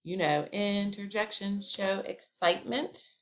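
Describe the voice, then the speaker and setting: A woman's voice: medium pitch, unhurried. A woman teaching a grammar lesson, explaining each step in a chatty way with casual asides.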